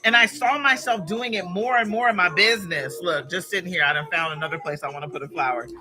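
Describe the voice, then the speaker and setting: A woman's voice: fairly low pitch, fast, music in the background. A woman hosting a live stream, chatting and encouraging her viewers in a casual motivational way while she arranges flowers.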